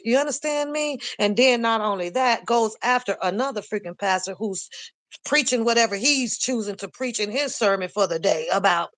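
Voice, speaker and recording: A woman's voice: medium pitch, dry recording. An older woman hosting a casual live stream, ranting bluntly and profanely with lots of animation. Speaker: commentary channel host.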